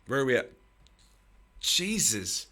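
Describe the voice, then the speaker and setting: A man's voice: medium pitch, sing-song, slow pace, pushed and bright. A man hosting a live stream, chatting casually with his viewers, swearing often and teasing them with bursts of laughter.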